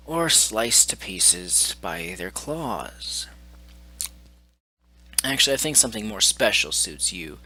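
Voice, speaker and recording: Sarcastic man with a sharp voice. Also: mid-range voice. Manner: mocking, exasperated, sarcastic. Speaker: gaming channel host. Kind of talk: sarcastic commentary on received messages.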